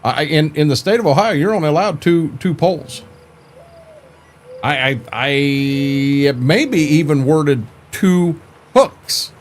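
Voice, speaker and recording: Speaking slowly and expressively in a voice on the high side, an older man chats on a live stream about farming games. His manner is relaxed and folksy, and he frequently trips over and repeats his words.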